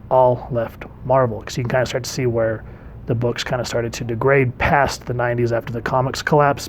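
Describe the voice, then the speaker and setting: Relaxed male comic reviewer, mid-range voice, casual chatty delivery, faint background noise. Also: mid-range voice. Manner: chatty, relaxed, reads comic panels aloud.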